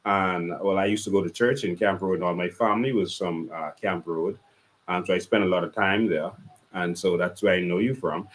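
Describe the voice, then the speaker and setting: A man with a Bahamian accent hosting a live call-in talk show, speaking earnestly and repeating a phone number slowly. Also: low voice, fairly bright tone.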